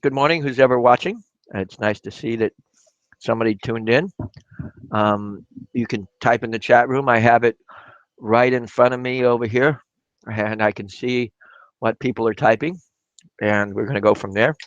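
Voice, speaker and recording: Man, raspy from a cough, casual live-stream chat, rambling, dry lo-fi recording. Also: mid-range voice, normal speed, long pauses, no room sound. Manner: rambling, talks to viewers while working. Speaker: glass artist streaming live.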